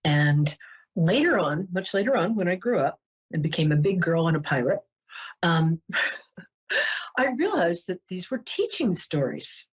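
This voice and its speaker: Brief: New York woman, psychic show host, low husky voice, lively swoops, joking, chatty, muffled lo-fi sound. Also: a little slow, long pauses. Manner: playful, joking, digressive. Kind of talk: casual chatty monologue. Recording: dull lo-fi webcast audio.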